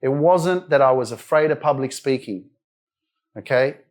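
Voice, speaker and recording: A man's voice: medium pitch, normal speed, a little mellow. A man in his thirties giving a blunt, emphatic live motivational speech at a wellness centre event, swearing freely as he pushes his audience. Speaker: motivational speaker.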